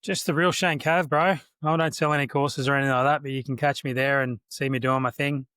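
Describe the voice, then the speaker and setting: A man's voice: medium pitch, level tone, fairly quick, a bit bright, no echo, studio quality. An Australian man with an Australian accent, a guest chatting easily and laughing often. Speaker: guest, former soldier. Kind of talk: casual interview chat.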